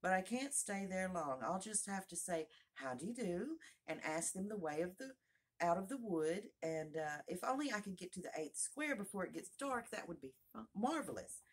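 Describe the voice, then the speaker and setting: A woman's voice: lowish voice, animated, normal speed, slightly rough, pitched above the performer's own voice. A woman playing Alice, a rambling curious girl. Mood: musing. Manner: rambling, musing aloud to herself. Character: curious chattering young girl.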